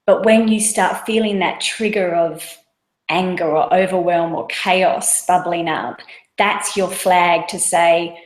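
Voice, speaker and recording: Earnest mum explaining mindfulness, roomy sound. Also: female voice, fairly low pitch, a little slow. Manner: earnest, conversational, explains with everyday examples. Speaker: mindfulness course guest. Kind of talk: casual webinar talk. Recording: roomy echo.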